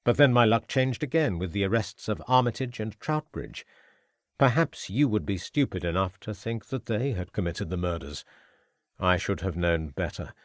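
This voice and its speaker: A man doing a low, sneering gentleman villain. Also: lively intonation, normal speed, dry recording, clean studio sound, close to an everyday voice. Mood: sneering, menacing. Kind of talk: audiobook character voice.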